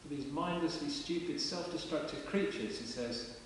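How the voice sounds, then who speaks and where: A vicar preaches in a large stone parish church at a moderate pace, his voice fairly high and his manner chatty and plain-spoken. The camera mic sits far away, so the sound is echoey and hissy.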